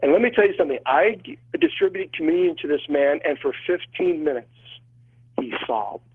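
Husky priest on a tinny phone line. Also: male voice, a little high, fast. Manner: earnest and emotional, with frequent restarts. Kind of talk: telling a personal story in an interview. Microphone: phone call.

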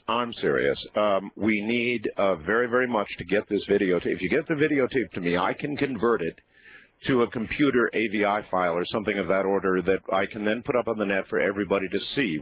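A man hosting a late-night radio call-in show, speaking deliberately and cutting in to steer the caller. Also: on the low side. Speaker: radio host. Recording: dull lo-fi radio broadcast.

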